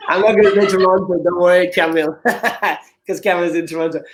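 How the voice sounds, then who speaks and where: Danish-accented male dance coach, fairly high voice, snappy then thoughtful in interview. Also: fairly even intonation, brisk, background noise. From Denmark. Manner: short snappy answers, reflective when he opens up. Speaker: dance coach and judge, guest. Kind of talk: casual interview.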